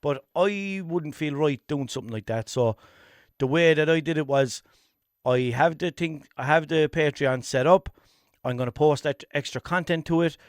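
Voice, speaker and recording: A man's voice: on the high side, normal speed, dry recording, studio quality. Rambling Limerick-accented podcast man. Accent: Irish, Limerick. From Ireland. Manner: rambling, self-mocking, swears casually. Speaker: podcast host. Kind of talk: rambling solo comedy chat.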